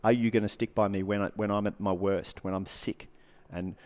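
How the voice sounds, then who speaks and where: A man's voice: lowish voice, steady tone, a little fast, a little mellow. A man, a guest coach giving earnest advice in casual podcast talk, repeating short punchy phrases.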